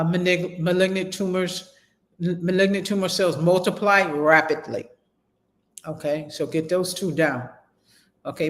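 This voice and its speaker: A man's voice: fairly high pitch, fairly bright tone. A man teaching a medical terminology class, reading from the textbook, then stopping to repeat and spell out key terms for his students in a chatty way. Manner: chatty, addresses students directly with "y'all". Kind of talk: casual online class lecture.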